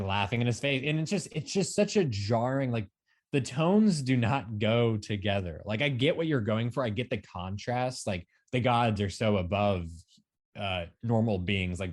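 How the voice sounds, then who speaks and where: A man's voice: lowish voice, darkish tone. A man co-hosting a film talk show, rambling through a movie review in casual chat, full of fillers and restarts.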